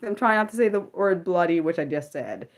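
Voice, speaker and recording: A woman hosting an unscripted livestream, chatting and rambling with viewers and reacting loudly to the chat. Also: fairly low pitch, lively intonation, brisk. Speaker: livestream host.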